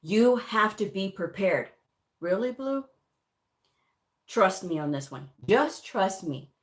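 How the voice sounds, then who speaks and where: Woman instructor for a livestream coding lesson, candid and conversational, middle-pitched voice. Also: expressive, a little slow. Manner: frank, chatty, addresses viewers directly. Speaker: medical coding educator. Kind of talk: casual livestream teaching talk.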